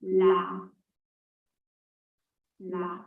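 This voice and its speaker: A woman teaching basic Vietnamese words in an online lesson, repeating each word slowly for practice. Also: fairly low pitch, monotone. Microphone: video call. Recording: echoey distant lo-fi call audio.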